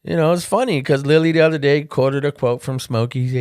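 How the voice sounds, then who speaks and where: A middle-aged man hosting a podcast, telling personal stories in a candid, casual monologue and getting animated when he quotes others. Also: medium pitch, brisk, few pauses, clean tone, dry recording, clean studio sound. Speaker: podcast host.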